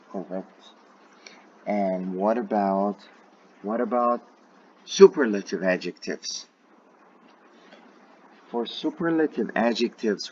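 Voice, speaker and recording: A man's voice: fairly low pitch, highs cut off, a little hiss or hum. A man teaching an English grammar lesson to his students in a self-recorded video, repeating each point and checking in with "right?".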